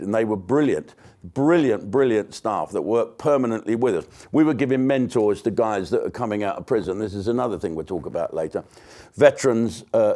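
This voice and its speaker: An older man tears into his subject in a blunt, foul-mouthed comic rant. His pitch sits in the ordinary middle for a man, and he breaks into asides and restarts as he goes. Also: warm tone. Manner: blunt, sweary, mocking, with many restarts and asides. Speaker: comedian hosting his own online show. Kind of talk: ranting comic monologue.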